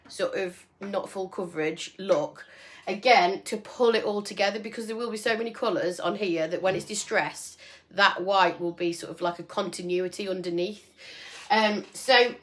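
A woman's voice: mid-range voice, a bit bright. A woman chatting casually to viewers while she paints furniture, rambling and friendly. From English Midlands, near Birmingham.

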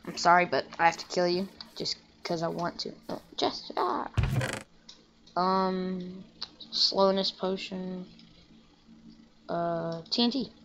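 A young woman giving rambling, casual commentary while playing a video game, breaking into excited shouts now and then. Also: lowish voice, slow, pauses often, slight background noise. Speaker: gaming channel host.

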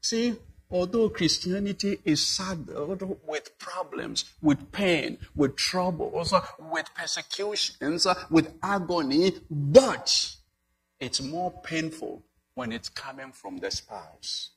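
A man's voice: a little high, takes it slowly, slightly rough, rough recording. A male pastor preaching a sermon, building to emphatic swells and asking the congregation rhetorical questions.

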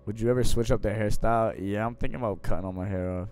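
A man's voice: lowish voice, quick pace, faint music behind. Slangy young man chatting on stream. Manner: slangy and profane, swinging between mumbled asides and loud excited bursts. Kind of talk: casual live-stream chat, reading out viewer questions.

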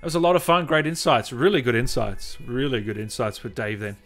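A man's voice: medium pitch, brisk, a bit bright, faint music behind. A man hosting a livestream, upbeat and chatty, thanking viewers by name. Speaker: host. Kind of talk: livestream chat.

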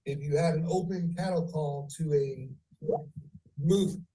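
A man teaching phone sales, speaking deliberately and varying pitch and pace for effect. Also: mellow, far from the mic, poor audio. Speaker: sales trainer. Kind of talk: training lecture.

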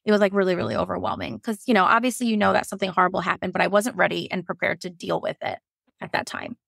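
A woman speaks as a podcast guest, recounting a personal story openly with a gravelly, fry-tinged voice. She talks animatedly, slipping into what others said and peppering her talk with "like." The sound is close and dry, with no room around it. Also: on the low side, steady tone, racing, fairly bright tone, no echo. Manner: frequent "like" and quoted self-talk.

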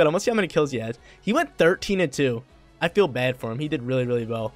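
Excitable young man commentating gameplay. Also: fairly high pitch, fast, soft background music. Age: young adult. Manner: excitable, slangy, bursts into loud hype. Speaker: gaming video creator.

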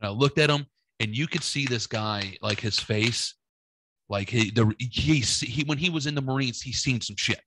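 A young adult man co-hosting a podcast, telling a long story in a rambling, profane way and acting out the dialogue with lively voices. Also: medium pitch, normal speed, a little hiss or hum. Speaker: podcast co-host.

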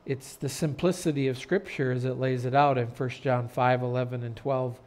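A man pastor preaching an earnest sermon in a church, turning loud and dramatic when telling a story. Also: mid-range voice, steady tone, moderate pace. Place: church sanctuary.

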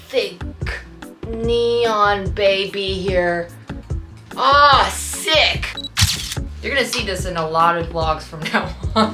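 A woman's voice: mid-range voice, echoey room. A young woman vlogging casually as she unboxes gifts, playful, with squeals and giggles. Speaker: YouTuber.

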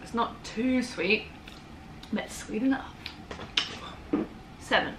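A young woman with an English accent chats casually through a taste test, teasing and laughing easily. Her voice sits a touch high. The recording is noisy, with clear hiss behind her. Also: slow pace, fairly bright tone. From England. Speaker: vlogger.

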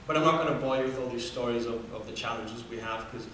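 Fast, bright and forceful, this mid-range male voice belongs to an earnest Namibian student speaker in his 20s telling a personal story with fillers and restarts. He's recorded from afar in a very reverberant hall, with faint room hum in the background.

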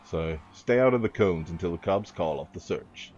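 With a low, darkish voice, this man speaks expressively at normal speed as he plays a driving game. He's a gaming YouTuber giving casual let's-play commentary, rambling, joking, and swearing freely. The recording is dull lo-fi with a faint hiss.

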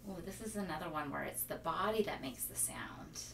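A woman leading a children's library storytime, talking in an animated sing-song way and imitating animal sounds for the kids. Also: low-pitched, fairly quick, creaky, slight background noise.

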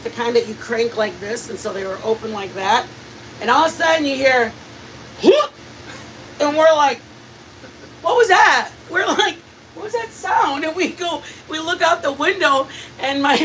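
A cooking channel host rambles through funny family stories while she cooks on a live stream, chatty, laughing and animated. Her voice is a bit high. The mic sits fairly far off, with a faint hiss.

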